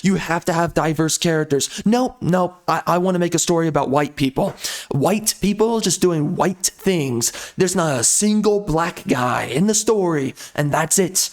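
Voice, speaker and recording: Speaking at a normal speed in a slightly high voice, a male video commentator vents his frustration at length. His rant is blunt and circles back on the same points again and again.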